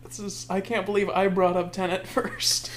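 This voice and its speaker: A podcast co-host with a middling pitch, riffing in casual brainstorming talk. They toss out jokes and often laugh partway through a sentence. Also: flat delivery, normal speed. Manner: joking, laughs mid-sentence.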